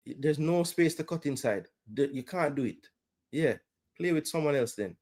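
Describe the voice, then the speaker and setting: A man with a Jamaican accent hosting a fan watch-along, reacting live to the match and yelling instructions at the players. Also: fairly high pitch, animated, normal speed. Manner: swings between loud cries and muttered groans.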